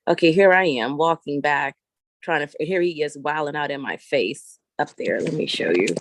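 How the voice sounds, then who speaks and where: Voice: mid-range voice, lively intonation, moderate pace, fairly bright tone, slight background noise. A vlogger telling a long story in an exasperated, profane rant while walking around and filming on a handheld phone. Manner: profane, exasperated and blunt, rambling. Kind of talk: ranting vlog storytelling.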